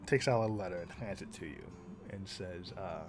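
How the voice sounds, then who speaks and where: A man narrating as game master of a tabletop game, animated and often laughing. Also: deep voice, moderate pace, over music.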